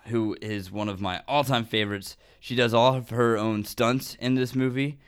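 A man's voice: mid-range voice, steady tone, normal speed, hardly any pauses, clear, resonant tone. A man co-hosting a podcast, chatting casually and eagerly about movie trivia, with many "um"s and "like"s. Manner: enthusiastic, trivia-loving, fillers like "um" and "like". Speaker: podcast co-host.

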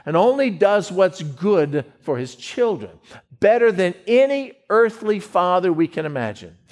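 A middle-aged man preaching a sermon, emphatic, often stumbling over repeated words as he builds his point. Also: high voice.

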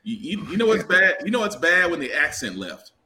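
Bright, expressive man cracking jokes. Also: high-pitched. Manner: expressive, quick to joke. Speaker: podcast co-host. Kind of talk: casual review chat.

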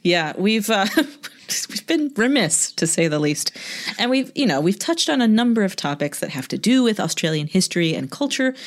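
A woman with a fairly low voice co-hosts a casual podcast. She reads from her research notes and breaks off for laughing asides. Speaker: podcast co-host.

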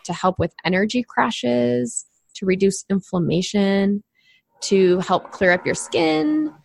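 A woman with a creaky, mid-range voice speaks slowly, with no room sound. As a nutrition coach co-hosting a podcast, she explains nutrition to clients in a relaxed, chatty way packed with fillers.

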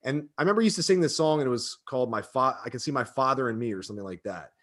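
A man's voice: mid-range voice, animated, rapid-fire, fairly bright tone. A man in his thirties talking casually and emotionally, with lots of fillers and rambling asides. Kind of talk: casual chat.

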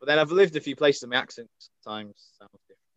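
A man's voice: fairly high pitch, rapid-fire, no room sound, dull audio. A man from Crewe with a northern English accent, chatting animatedly as a podcast guest and coaching from home. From Crewe, England. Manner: chatty, animated, jokey storyteller. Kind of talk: casual podcast chat.

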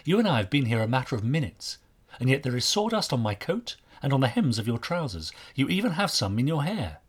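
A man voicing a stern Victorian police inspector, asking brisk, authoritative questions in a storybook reading. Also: medium pitch, sing-song, slightly rough. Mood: grave.

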